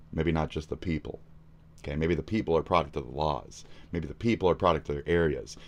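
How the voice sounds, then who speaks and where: Angry cursing streamer man. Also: deep voice. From United States. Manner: profane, insulting, often yelling. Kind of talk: angry reaction rant.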